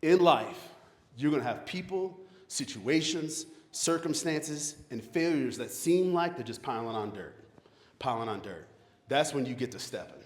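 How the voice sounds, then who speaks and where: A man giving a motivational speech to a graduating class, an animated storyteller who keeps asking the audience questions. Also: mid-range voice, unhurried. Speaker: motivational speaker. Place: large hall with an audience. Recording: echoey hall, long reverb.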